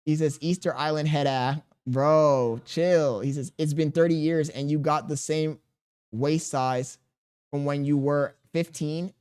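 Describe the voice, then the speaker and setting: A man's voice: on the high side, steady tone, unhurried, darkish tone, clear, resonant tone. Joking male streamer reading chat. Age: 30s. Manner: joking, laughing, reads chat aloud, crude banter.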